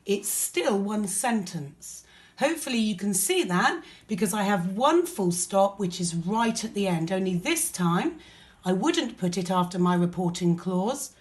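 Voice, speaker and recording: A woman's voice: medium pitch, expressive, unhurried. Woman, English accent, primary teacher, patient, recorded lesson. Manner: patient, explains step by step.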